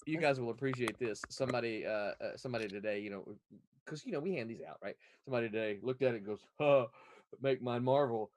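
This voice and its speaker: A man from Florida co-hosting a casual podcast chat, telling stories in a rambling, animated way full of restarts. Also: mid-range voice, fast. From Florida, USA. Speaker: podcast co-host.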